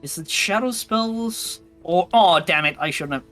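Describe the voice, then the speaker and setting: Lively bright-voiced stream host. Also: mid-range voice, measured pace, faint music behind. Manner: reads event text, thinks aloud while playing. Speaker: host and game narrator. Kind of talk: casual gaming chat and reading game text aloud.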